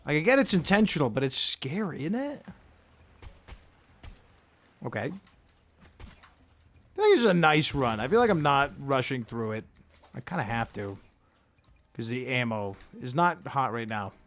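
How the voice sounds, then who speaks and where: Lively chatty man narrating gameplay. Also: mid-range voice, moderate pace, long pauses. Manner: chatty, self-mocking, reacts aloud to gameplay. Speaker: gaming video creator. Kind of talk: let's play commentary.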